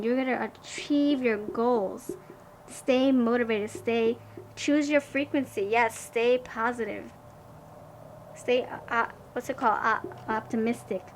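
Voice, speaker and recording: Excitable gushing woman reading tarot. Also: fairly high pitch, a little hiss or hum, low-quality recording. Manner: excitable, gushing, stumbles and restarts words. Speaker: tarot card reader. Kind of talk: pick-a-card tarot reading.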